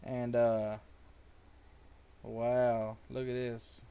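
A man's voice: mid-range voice, flat delivery, very slow, warm tone, smooth. A man giving casual live gameplay commentary, joking with viewers and calling out their names. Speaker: live streamer.

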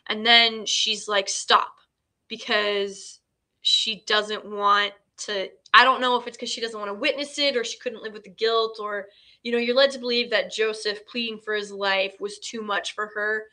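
A woman's voice: medium pitch, steady tone, moderate pace, sharp tone. A woman hosting a casual film recap, chatty and full of fillers, retelling scenes in quoted dialogue. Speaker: host.

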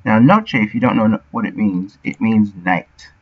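A man with a low voice and a breathy edge talks at normal speed while streaming his game development work. He mutters his thoughts aloud and sounds out words, all on dull lo-fi audio.

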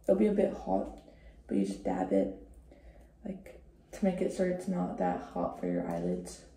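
Casting: chatty woman vlogger, very mellow dark tone with a gravelly edge, echoey room. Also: very deep voice, big pitch swings, moderate pace, a little hiss or hum. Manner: chatty and joking, often dropping to a whisper. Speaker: beauty vlogger. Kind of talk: casual makeup tutorial chat.

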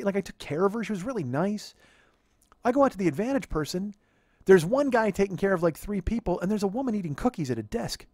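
Animated, swearing fifty-year-old comedian. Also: male voice, high voice, no room sound, studio quality. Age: 50s. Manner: profane, animated, laughs while telling. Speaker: podcast host. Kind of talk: comedic storytelling monologue.

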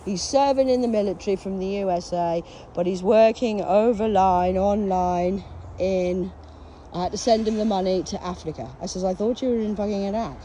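A woman talks to her phone camera outdoors at a cemetery, and her voice is hoarse, with coughs breaking in. She rambles in a loud, profane and agitated way, jumping from one topic to the next. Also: mid-range voice, normal speed, a little hiss or hum. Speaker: vlogger.

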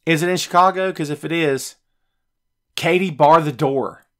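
A podcast host, a man, ranting in a heated, animated way about wrestling while reading live chat. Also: fairly high pitch, moderate pace. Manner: animated, fired-up ranting, swings loud and soft.

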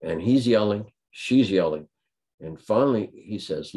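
A man giving a talk, telling a funny story with deadpan delivery. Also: on the low side, measured pace. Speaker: guest speaker. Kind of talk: humorous anecdote at a talk.

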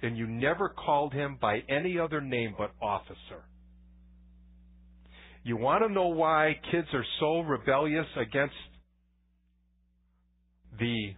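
Male pastor, conversational sermon, husky tone, phone-like lo-fi recording. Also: medium pitch. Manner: conversational preaching with anecdotes and frequent restarts. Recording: tinny phone-like church recording.

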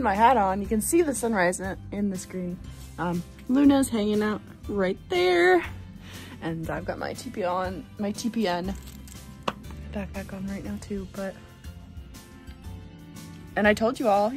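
A woman vlogging casually outdoors while walking her dog, slipping into high sing-song baby talk to praise him. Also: lively intonation, measured pace, a little mellow, faint music behind. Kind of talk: casual vlog.

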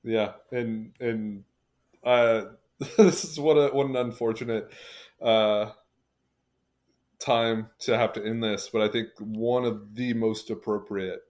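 Low, flat-voiced man hosting a podcast. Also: slow pace. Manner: relaxed, even-toned, plugging links. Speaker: podcast host. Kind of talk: casual podcast sign-off.

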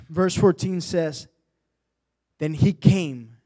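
A male preacher delivering a sermon, rising from quiet storytelling to loud, impassioned exhortation. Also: a little high, very slow.

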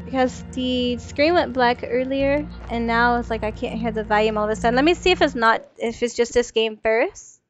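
A woman's voice: a little high, moderate pace, hardly any pauses, faint music behind. A woman streamer, chatting casually and swearing freely while she plays, a little worn in the voice. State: losing her voice. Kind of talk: casual gaming stream chat. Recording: dull, lo-fi stream audio.

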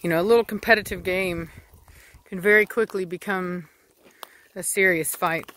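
A woman's voice: lowish voice, fairly even intonation, normal speed, fairly bright tone. A woman, a dog breeder talking casually to camera while firmly shushing and commanding her dogs. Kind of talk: casual vlog narration.

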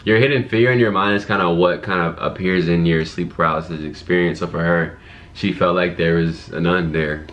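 Deep-voiced laid-back young man. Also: steady tone, a little fast, fairly bright tone, muffled recording. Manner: laid-back, slangy, many fillers. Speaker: co-host of a couple's channel. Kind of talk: casual storytelling to camera.

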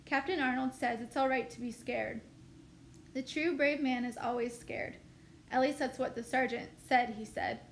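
A woman's voice: on the high side, fairly even intonation, moderate pace, creaky, slight background noise. Woman reading a cocky older brother. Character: older brother, young man, proud and cocky. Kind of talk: reading a novel aloud.

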